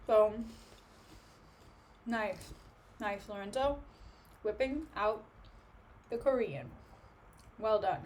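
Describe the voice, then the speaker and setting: A woman's voice: mid-range voice, drawn-out words, long pauses, darkish tone, a little hiss or hum. A young woman chatting casually with her live-stream viewers from home, joking and snacking between remarks. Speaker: livestreamer. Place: at home, sitting on the floor.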